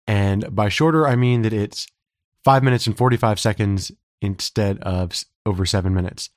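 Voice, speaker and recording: A man co-hosts a podcast, chatting in a casual, joking way. His throat is slightly scratchy. His voice sits a little low, and the sound is dry and close. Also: moderate pace, no echo. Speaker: podcast co-host.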